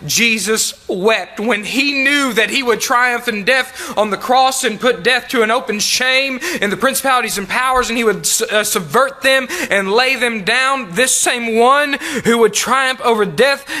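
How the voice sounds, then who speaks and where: A man preaching a sermon, reading King James scripture aloud and repeating key phrases for emphasis, sometimes dropping to a soft, low voice. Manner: reads King James verses then comments with emphatic repetition; drops to soft, low tones in tender appeals.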